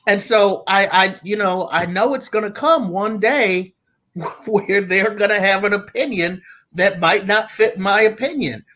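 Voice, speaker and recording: Man, guest father, slow unhurried speech, thoughtful, halting restarts. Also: high-pitched, sharp tone. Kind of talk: reflective casual talk.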